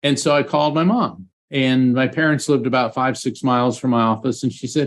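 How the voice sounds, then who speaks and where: A man, a psychic medium and former trial lawyer, telling a personal story in an interview, earnest and animated, with frequent restarts. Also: mid-range voice, fairly quick, hardly any pauses.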